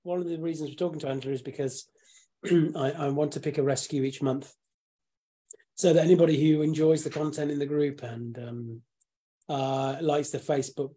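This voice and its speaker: Man, host, casual live chat, rambling, clears throat often, warm mellow tone. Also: a little high, fairly even intonation, moderate pace.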